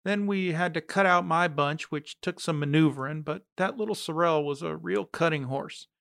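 A man's voice: a little high, moderate pace, gravelly, fairly bright tone, dry recording, clean studio sound. Reflective man reading a letter aloud. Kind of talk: read-aloud story narration.

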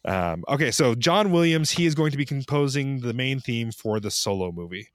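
A man's voice: medium pitch, animated, moderate pace, no room sound, studio quality. A man in his thirties co-hosting a podcast in casual chat, rambling and chuckling with lots of fillers. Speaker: podcast co-host.

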